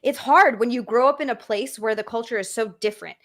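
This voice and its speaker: A woman's voice: fairly high pitch, fast talker, fairly bright tone. A woman from Hawaii hosting a casual comedy podcast stream, giggling often and reading chat comments aloud.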